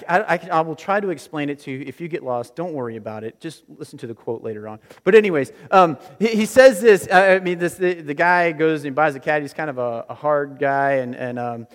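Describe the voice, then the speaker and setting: Male pastor, mid-pitched voice, casual repetitive sermon delivery, long church reverb. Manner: conversational, repeats phrases, often starts with "listen". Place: church sanctuary.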